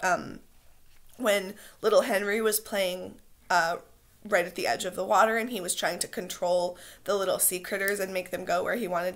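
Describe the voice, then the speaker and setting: A woman teacher reading a novel aloud to her class and pausing to explain it in a conversational way. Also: mid-range voice, a bit bright.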